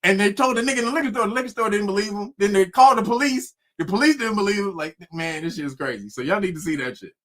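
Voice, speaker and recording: A man's voice: sits high, fast, few pauses. A man casually telling a spooky story, cursing freely and laughing often. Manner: profane, laughing often, animated.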